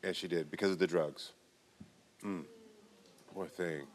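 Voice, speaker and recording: A man's voice: low-pitched, fairly even intonation, a little slow, a little hiss or hum. A man hosting a talk show, guiding a guest's story with short, sympathetic responses and questions.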